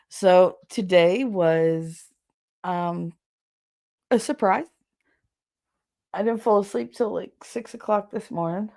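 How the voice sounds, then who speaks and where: A woman with a low, gravelly voice talks casually on a livestream. She greets viewers in her chat and tells stories in a lively way, laughing often. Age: adult with children. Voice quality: low deep voice. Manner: chatty, animated storytelling, laughs often. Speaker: livestream podcast host.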